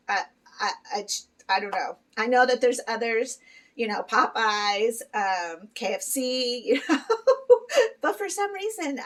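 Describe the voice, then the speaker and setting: A middle-aged woman chatting candidly to her viewers in a casual vlog, full of fillers and quick laughs. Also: fairly high pitch, fairly bright tone, recorded from a distance, poor audio. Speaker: vlogger. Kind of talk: casual chat to camera.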